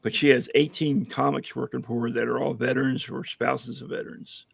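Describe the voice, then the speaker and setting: A hoarse man chatting casually on a livestream as a veteran guest, rambling with many fillers and telling jokes. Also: medium pitch, level tone, fairly quick, dry recording. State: hoarse, losing his voice. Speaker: veteran guest running a coffee business.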